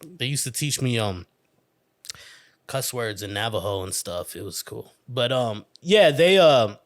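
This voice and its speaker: Brief: male solo podcaster, mid-pitched, profane and rambling storyteller. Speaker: podcast host. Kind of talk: casual storytelling monologue.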